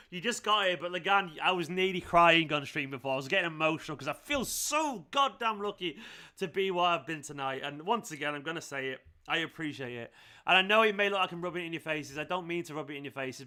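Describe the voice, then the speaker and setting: Excitable young man with a bright voice. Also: a little high. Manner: excitable, emphatic, repeats himself. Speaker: fan channel host. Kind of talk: live stream chat.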